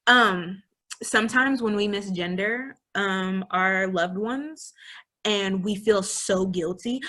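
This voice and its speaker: This is a young woman co-hosting an informal educational chat. She talks casually with a lively, playful manner, laughing often. Her pitch sits in a middle range. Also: unhurried. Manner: lively, laughing, acts out little scenes. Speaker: co-host.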